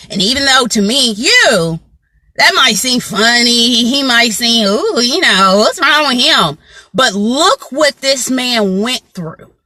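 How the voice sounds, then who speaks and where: With a medium-pitched, sharp-toned voice, a motivational vlogger tells a story to her viewers in an easygoing chat. She greets people by name and often asks "you know what I'm saying."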